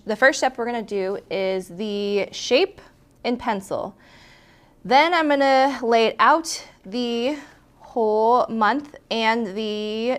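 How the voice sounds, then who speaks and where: A woman teaching a hand lettering tutorial in a chatty, encouraging way, often correcting herself mid-sentence as she shows her supplies. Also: mid-range voice. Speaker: lettering instructor. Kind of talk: casual hands-on tutorial.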